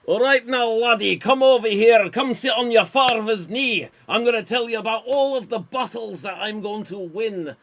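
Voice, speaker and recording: A man voicing a boastful, crude male Scottish warrior chief in an improv comedy scene, in loud, blustering mock-Scottish tones. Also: very high voice, lively intonation, a little slow, voice pushed up, exaggerated voice. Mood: boasting.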